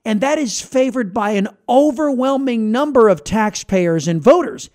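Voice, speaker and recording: A man's voice: very high voice, animated, moderate pace, a little mellow. A man hosting a political podcast, talking in a combative, sarcastic, emphatic way. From United States. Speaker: podcast host. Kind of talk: opinionated political talk.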